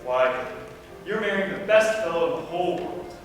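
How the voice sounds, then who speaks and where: Actor as soothing bride's father, high-ish, distant stage echo. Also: animated, normal speed, faint music behind. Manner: soothing, reassuring. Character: gentle, steadying father of the bride. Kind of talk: stage play acting. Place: theater stage. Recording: roomy hall, from far off.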